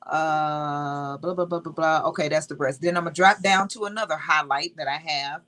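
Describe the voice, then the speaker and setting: A woman's voice: sits low, fairly even intonation, normal speed, a bit bright, rough recording. A woman teaching from the Bible in a casual, emphatic way, reading verses aloud and repeating key words.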